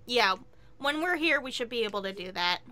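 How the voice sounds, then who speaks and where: A woman chatting casually while playing a video game, excitable and quick to swear and laugh. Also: a little high. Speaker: game streamer. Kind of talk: casual gameplay commentary.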